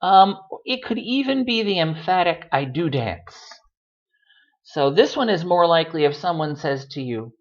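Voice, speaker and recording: A man teaching a recorded language lesson into a computer, relaxed and chatty with dry joking asides. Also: fairly high pitch, normal speed, highs cut off. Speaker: Spanish teacher. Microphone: computer microphone.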